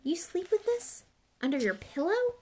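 A woman voicing a blunt, cheeky teenage boy wizard in a lively, slightly raised voice, in a storybook reading. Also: medium pitch, brisk, close to an everyday voice.

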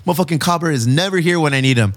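A man hosting a casual chat, telling stories in an animated, profane way, full of slang. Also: fairly high pitch, racing. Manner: animated, profane storytelling with lots of "bro" and "dude". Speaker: podcast host.

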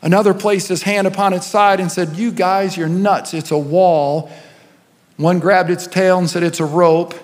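A man, a senior pastor, preaching a sermon with storytelling and rising and falling intensity. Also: fairly high pitch. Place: church auditorium. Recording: long hall reverb.

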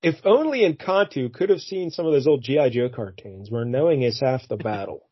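Husky man recapping a comic. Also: medium pitch, moderate pace, dry recording. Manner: animated, puts on silly voices for characters. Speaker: podcast co-host. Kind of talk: casual chat recapping a comic. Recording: dull lo-fi dry recording.

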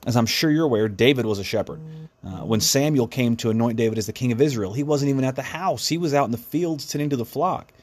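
A man's voice: medium pitch, fast. A man hosting a devotional podcast, speaking in an earnest, reflective way with frequent restarts. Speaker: podcast host.

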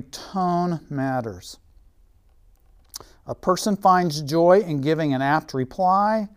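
Brief: male preacher, sermon with stories, goes soft and quiet to make a point. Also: a little high. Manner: storytelling, drops to a soft, quiet voice for emphasis.

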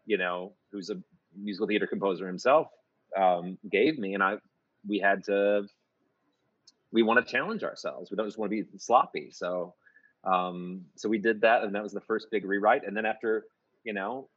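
A man's voice: lowish voice, normal speed, a bit bright, breathy edge, no room sound, dull audio. A man who writes musical theater, chatting in an interview and rambling through many restarts and fillers. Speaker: musical theater composer and lyricist. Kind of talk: casual interview chat.

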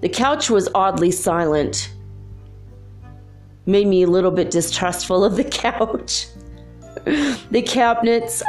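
A woman telling a comic story in a deadpan, rambling way, breaking into laughs. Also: mid-range voice. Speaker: comedic storyteller. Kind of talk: comic monologue.

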